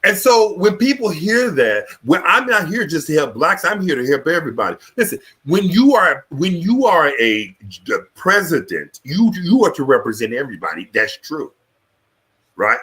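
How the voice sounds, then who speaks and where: Host, male, lively and bright, profane preacher-style ranting. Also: on the high side, moderate pace. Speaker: show host. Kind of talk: live political talk show rant.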